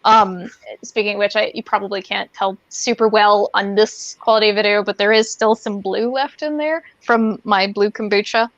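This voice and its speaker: A woman's voice: mid-range voice, steady tone, normal speed, no room sound. A woman co-hosting a podcast, chatting casually in a playful, rambling way with many fillers. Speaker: podcast co-host. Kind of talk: casual chat. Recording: dull lo-fi, dry sound.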